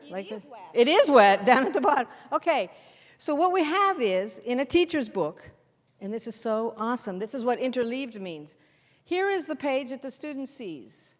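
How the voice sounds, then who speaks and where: A middle-aged woman with a fairly high voice gives an animated workshop to a room full of teachers. She keeps tossing questions out to the audience and then answers them herself. Her voice rings with long reverb from a large hall. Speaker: teacher trainer and textbook author. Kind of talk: lively workshop talk to teachers.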